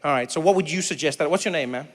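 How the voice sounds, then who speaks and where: Animated man doing stand-up in a hall. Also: a little high, racing. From South Africa. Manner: animated storytelling, acting out voices. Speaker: stand-up comedian. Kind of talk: stand-up comedy with crowd work. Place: large theater stage. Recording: reverberant hall with faint ambience.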